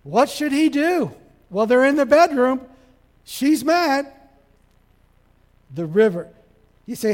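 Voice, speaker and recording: High-voiced preacher in echoing hall. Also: male voice, takes it slowly, pauses often. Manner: animated, acts out dialogue, shifts from loud to soft. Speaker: pastor. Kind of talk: sermon. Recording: long hall reverb.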